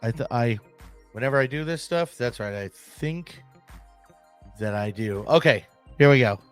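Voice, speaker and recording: A man hosting a solo podcast in casual, excitable chat, swearing and using slang. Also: medium pitch, measured pace, long pauses, clean tone, no echo, faint music behind. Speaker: podcast host. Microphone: desk mic, screen-sharing.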